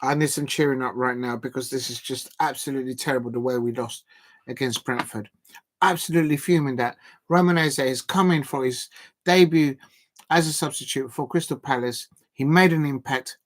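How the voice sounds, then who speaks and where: A man hosting a live football watch-along, ranting in an animated, exasperated way and often restarting his sentences. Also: mid-range voice, a little fast. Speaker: football fan live-stream host. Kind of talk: casual watch-along commentary.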